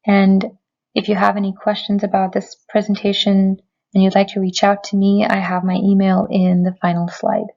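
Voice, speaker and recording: A woman physician giving a prepared lecture, speaking in a measured, clear, explanatory way from a remote recording. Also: medium pitch, monotone, a little mellow, muffled recording. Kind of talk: prepared medical presentation. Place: remote recording, not in person.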